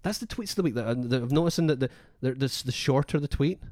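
A man's voice: medium pitch, lively intonation, quick pace, darkish tone, no room sound, clean studio sound. A man co-hosting a podcast in casual, rambling chat full of fillers and restarts. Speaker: podcast co-host.

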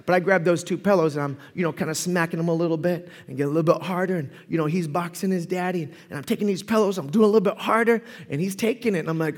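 A man preaching a sermon, telling stories with lively swings between loud outbursts and hushed, earnest stretches. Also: sits high, fast talker, few pauses. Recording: long hall reverb.

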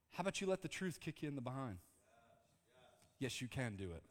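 A man preaching a lively sermon to his congregation, mixing calm teaching with jokes and bursts of shouting. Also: on the high side, fast. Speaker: pastor. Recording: long hall reverb.

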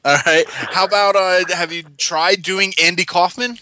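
Bright-voiced male podcast co-host. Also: sits high, steady tone, normal speed, a little hiss or hum, rough recording. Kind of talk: casual podcast chat.

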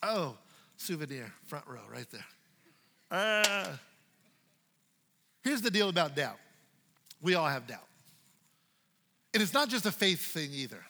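High bright-voiced guy preaching, playful and punchy, big echoey sanctuary. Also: sing-song, slow pace, vocal fry, long pauses, slight background noise. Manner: dynamic, playful, swinging from loud to hushed. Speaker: pastor. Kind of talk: sermon.

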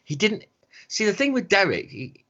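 A man's voice: high-pitched, wildly swooping pitch, moderate pace, fairly bright tone. A man co-hosting a podcast in a casual, mocking, sweary chat, often laughing. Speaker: podcast co-host. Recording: dull lo-fi sound.

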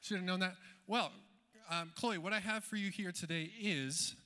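High bright guy doing over-the-top game show host patter, big echoey hall, music in the back. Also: normal speed, smooth. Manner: upbeat, exclamatory, playful showman patter. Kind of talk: energetic mock game show hosting. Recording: music playing in a reverberant hall.

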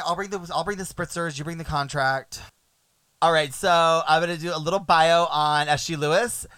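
A man hosting a music podcast, chatting casually in a playful, animated way that often trails off quietly. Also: a little high, dry recording. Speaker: podcast host.

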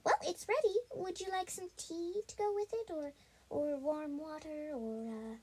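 A woman voicing Levi, a friendly young male park animal who chats eagerly in a high voice. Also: measured pace, dark tone.

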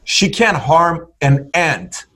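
A man with a slightly high, somewhat bright voice speaks slowly but very animatedly as a podcast guest. He tells his personal story with emphasis, acting out people's words in a range of tones.

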